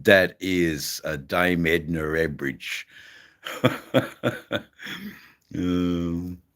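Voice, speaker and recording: A man's voice: deep voice, drawn-out words, fairly bright tone. A middle-aged Australian man with an Australian accent, hosting a rambling livestream and chatting with viewers, full of ums and mates. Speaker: livestream host. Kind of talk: casual livestream chat with viewers.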